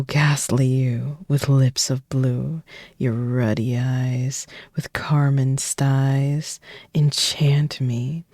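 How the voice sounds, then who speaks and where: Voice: medium pitch, no room sound, clean studio sound. Streamer reading as a gushing ogre princess. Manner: slow sing-song rhyming, softly half-whispered.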